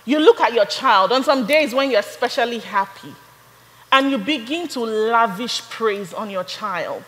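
A young adult woman preaching a sermon, building from storytelling to fervent, shouted praise. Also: on the high side, lively intonation, a little slow, big-room sound, poor audio.

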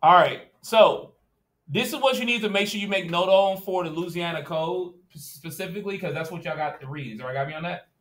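In an echoey classroom, sometimes distant from the mic, a male teacher lectures casually and directly, often checking that students are with him. His voice is high, fairly quick, and a bit bright.

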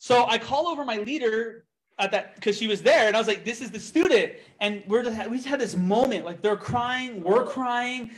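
A young man giving a testimony in a church, telling his story with lively quoted dialogue. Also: extremely high pitch, moderate pace, slight background noise. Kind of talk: testimony sermon.

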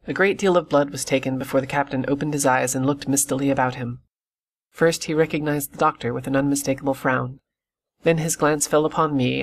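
A man reading an audiobook in steady, measured scripted narration. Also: medium pitch, gravelly. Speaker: audiobook reader.

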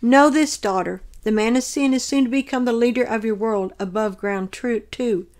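Gentle loving divine figure, a lady reading his words, soft and solemn, kinda high. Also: moderate pace, close to an everyday voice.

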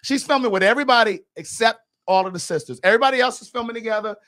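A man's voice: very high-pitched, rapid-fire, fairly bright tone. A man hosting a podcast, giving blunt, sassy, gossipy commentary in a casual chat. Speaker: podcast host.

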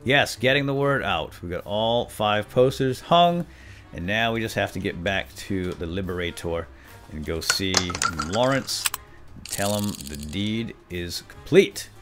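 A man hosting a let's-play, chatting playfully to himself and his vehicle as he plays, with sudden excited yelps. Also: mid-range voice, unhurried, faint music behind. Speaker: gaming let's-play host. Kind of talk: playful gameplay commentary.

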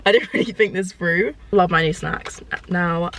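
A woman chatting excitedly to camera from inside a parked car, with lots of "like" fillers. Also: lowish voice, normal speed. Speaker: lifestyle vlogger. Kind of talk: casual vlog chat to camera.

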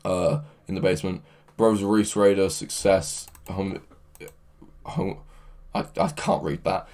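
A man's voice: low voice, sing-song, slow pace, creaky, a little mellow. Crude, joking man on stream. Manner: crude, joking, laughs often. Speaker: livestream host. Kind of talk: casual stream chat, reading chat aloud. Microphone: headphones with mic.

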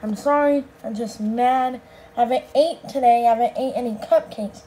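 A woman's voice: a little high, moderate pace, dark tone, a little hiss or hum, close to an everyday voice, rough recording. Woman doing a cranky talking cupcake. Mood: grumpy.

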